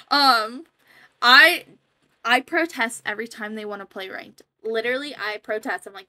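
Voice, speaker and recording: A woman's voice: fairly high pitch, moderate pace, sharp tone, no echo. A young woman casually rambling as she comments over her own gameplay footage, chatty and self-deprecating. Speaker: gaming YouTuber.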